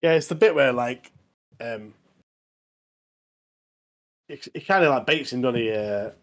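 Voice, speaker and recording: A man's voice: mid-range voice, lively intonation, a little slow, fairly bright tone. Rambling podcast man. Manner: rambling recap, tag questions. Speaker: podcast co-host. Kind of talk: casual chat.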